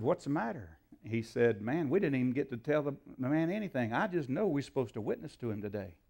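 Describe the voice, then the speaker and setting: A man's voice: mid-range voice, darkish tone. Folksy preacher man telling a story. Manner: folksy storyteller, acts out dialogue, frequent fillers. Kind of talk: sermon storytelling.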